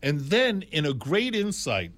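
A man in his sixties or older telling stories in a casual, animated, digressive way, full of exclamations and asides. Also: a little high, a little slow. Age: 60s or older. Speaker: jazz storyteller. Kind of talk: casual storytelling monologue.

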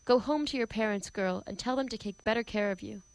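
A woman's voice: medium pitch, a little fast, clean tone, dry recording, natural voice, poor audio. Woman reading as a prim scolding housekeeper. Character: stern proper middle-aged housekeeper. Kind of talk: amateur play reading.

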